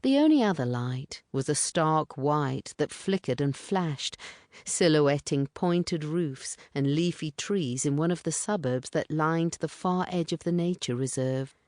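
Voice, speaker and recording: A woman reading literary fiction aloud as an audiobook narrator, in a measured, even way. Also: low-pitched, dry recording, clean studio sound.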